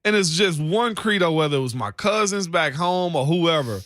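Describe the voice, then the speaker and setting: A man's voice: on the high side, normal speed, dry recording, clean studio sound. A young adult man co-hosting a sports radio show, telling stories in casual banter and laughing often. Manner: animated storyteller, laughs often. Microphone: studio microphone.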